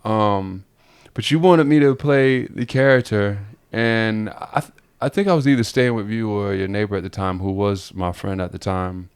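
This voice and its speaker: A man with a fairly low voice spins a long, animated story on a podcast. He rambles, circles back and laughs often in easy, casual chat. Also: normal speed, clean tone. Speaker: podcast co-host.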